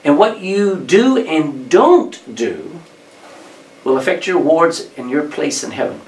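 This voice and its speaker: A man's voice: very animated, unhurried. Male preacher, conversational storyteller who pushes up hard on key lines; roomy church sound, mic set back, faint background hum. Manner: conversational, rises in pitch and volume on key points. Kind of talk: sermon with storytelling. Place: church hall with congregation. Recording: echoey room, distant mic, faint background.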